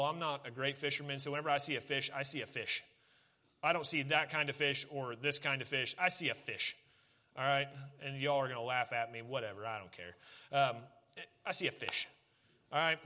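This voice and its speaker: A man preaching a sermon as pastor, talking to his congregation in a casual, animated way. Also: fairly high pitch.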